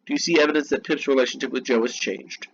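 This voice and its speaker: A man's voice: mid-range voice, fast talker, fairly bright tone. A man reading lesson notes aloud and explaining them with casual, chatty asides. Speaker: teacher. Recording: dull lo-fi recording with faint noise.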